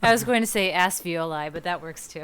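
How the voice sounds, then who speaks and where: A woman's voice: fairly low pitch, a little fast, clear, resonant tone. A woman co-hosting a comedy science podcast, telling anecdotes and laughing often. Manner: animated, laughing, tells anecdotes. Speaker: podcast co-host, lung researcher.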